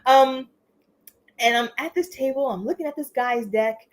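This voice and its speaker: A woman hosting a casual live stream, talking in an animated, chatty way, laughing often and tagging lines with "you know" and "okay?". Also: high-pitched, moderate pace. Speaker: livestream host. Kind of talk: casual livestream chat.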